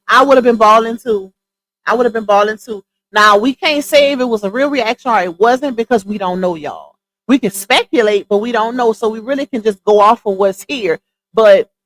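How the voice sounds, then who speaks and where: A woman's voice: fairly high pitch, no room sound. A woman hosting a live stream, chatting casually and incredulously to her viewers, with laughing asides. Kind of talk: casual commentary on a clip.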